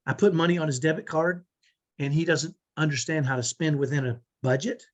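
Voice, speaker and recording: Earnest middle-aged man, husky voice. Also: a little high, fairly even intonation, brisk. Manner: earnest, emphatic, often adds a "right?". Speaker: host of online parenting training. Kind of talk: live webinar talk. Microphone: video call.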